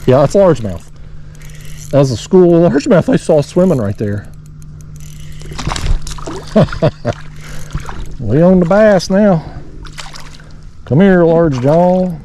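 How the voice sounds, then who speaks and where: A man with a fairly high, mellow voice narrates his kayak fishing on a lake below a dam. He talks slowly to viewers with big pitch swings and frequent pauses, rambling folksily over slight background noise.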